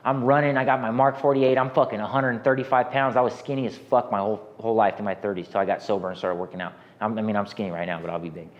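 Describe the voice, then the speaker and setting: A man's voice: lowish voice, steady tone, racing, few pauses, dull audio. An American man in his thirties telling a rambling, profane war story as an interview guest, with many restarts. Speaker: guest, army veteran.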